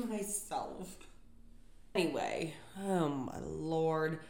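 A woman's voice: deep voice, animated, drawn-out words, gravelly, a little mellow. Young woman ranting profanely, roomy echo. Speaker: podcast host. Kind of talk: comedic solo rant. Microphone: podcast microphone.

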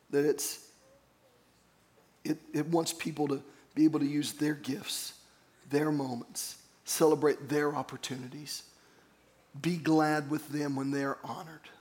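A man pastor preaching a sermon, earnest and storytelling, calling on the congregation to repeat phrases after him. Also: fairly high pitch.

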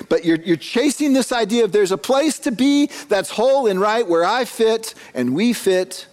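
A man's voice: a little high, a little mellow. A man in his forties, a pastor, preaching a conversational sermon to a church congregation, telling stories with self-deprecating chuckles and often repeating words as he starts a phrase. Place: church sanctuary.

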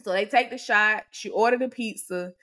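A woman's voice: medium pitch, moderate pace. Exasperated woman telling a story. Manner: animated, exasperated storytelling, acts out the other people's lines. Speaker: podcast co-host. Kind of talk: casual storytelling to a co-host.

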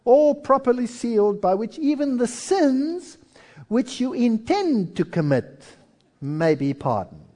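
A pompous medieval monk hawking pardons, as a preacher puts him on. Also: male voice, big pitch swings, takes it slowly, mellow, full character voice. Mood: proclaiming. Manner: proclaiming, theatrical, raised pitch. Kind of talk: dramatic reading of quotes in a sermon.

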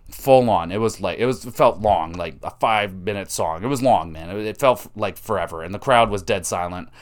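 A young man hosting a podcast, giving a casual, profanity-laced, opinionated recap of a wrestling show. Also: fairly low pitch. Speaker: podcast host.

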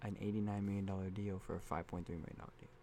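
A man's voice: deep voice, flat delivery, racing, background noise. A teenage boy co-hosting a casual sports podcast, easygoing and teasing his friend. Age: teens. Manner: easygoing, laughs along, teasing. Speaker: podcast co-host.

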